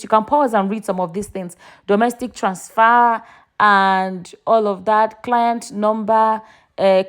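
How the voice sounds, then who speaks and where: Chatty woman vlogger. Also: a little high. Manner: chatty, reads quotes aloud in a raised voice. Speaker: vlogger reading out social media posts. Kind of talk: casual gossip commentary.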